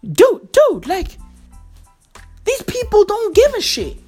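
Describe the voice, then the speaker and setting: High, lively woman ranting. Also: takes it slowly, faint music behind. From South Africa. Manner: slangy, swearing, laughs loudly at own jokes. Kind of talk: profane ranting monologue. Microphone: microphone.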